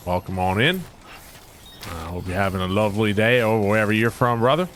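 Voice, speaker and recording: A young man casually commentating his gameplay live, excitable and swearing freely while chatting with viewers. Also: fairly low pitch, brisk, a little hiss or hum. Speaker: game streamer.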